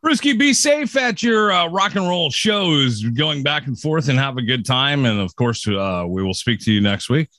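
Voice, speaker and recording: A man's voice: mid-range voice, moderate pace, hardly any pauses, bright, forceful tone, dry recording, clean studio sound. A man co-hosting a casual podcast, teasing his friends in an informal way. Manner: teasing, informal, says dude. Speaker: podcast co-host.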